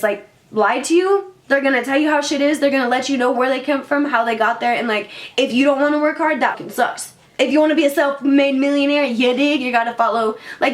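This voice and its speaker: Young woman vlogger, high voice, chatty storytime, says like a lot and swears. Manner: animated, swearing, lots of filler "like". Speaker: beauty vlogger. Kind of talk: casual storytime chat.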